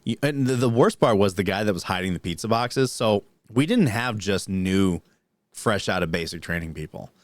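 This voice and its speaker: A man with a low voice speaks from home, recorded close and dry with no room sound. He explains army training matter-of-factly and drops curses as he goes. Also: expressive, normal speed, dry recording. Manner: matter-of-fact, profane, explains military terms. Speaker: podcast co-host. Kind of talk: casual chat.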